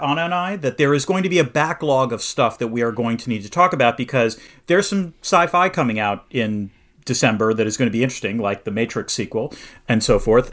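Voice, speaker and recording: A man's voice: fairly high pitch, fairly bright tone. A middle-aged man co-hosting a casual podcast, amiable and often chuckling, with rambling asides. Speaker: podcast co-host.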